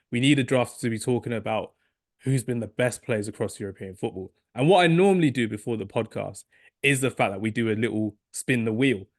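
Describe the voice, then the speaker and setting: Male podcast host, rambling and excitable, hoarse today, dry close sound. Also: mid-range voice, no room sound. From England. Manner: rambling, excitable, self-correcting. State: losing his voice. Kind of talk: casual podcast chat.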